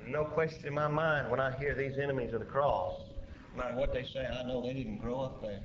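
A pastor preaches a sermon in a mid-range, steady-toned voice at a brisk pace, swinging between loud emphatic rises and quiet drops. The lo-fi recording was made in an echoey church and carries faint hiss.

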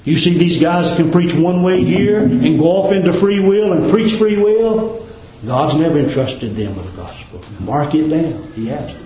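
Fervent preacher in an echoey hall. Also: male voice, expressive, measured pace, hardly any pauses, dull audio. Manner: fervent, rising to high emphatic peaks and dropping to low quiet endings. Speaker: pastor. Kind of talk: sermon. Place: church.

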